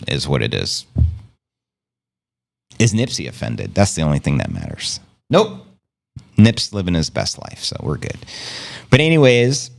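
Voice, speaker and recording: A man hosting a casual livestream, talking in a brash, playful way with plenty of swearing and his own made-up slang. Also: on the low side. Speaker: livestream host. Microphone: streaming setup.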